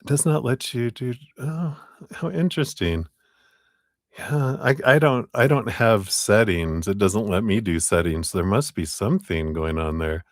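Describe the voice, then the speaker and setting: A man hosting a live tarot stream, greeting viewers by name, laughing often and muttering quiet asides. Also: fairly low pitch, animated, unhurried, no room sound, studio quality. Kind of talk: casual live-stream chat.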